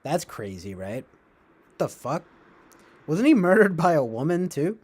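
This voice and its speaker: A man's voice: a little high, big pitch swings, a little slow, a little mellow, slightly rough. Sarcastic rambling male streamer. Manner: sarcastic, laughs often, trails off. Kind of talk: casual rambling livestream chat.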